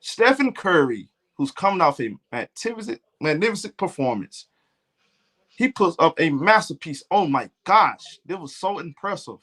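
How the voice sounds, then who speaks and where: A man from Alabama with a Southern accent, mocking a prim, over-polished basketball analyst in a slow, stiff, proper delivery. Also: a little high, very animated, fairly bright tone. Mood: mock-formal.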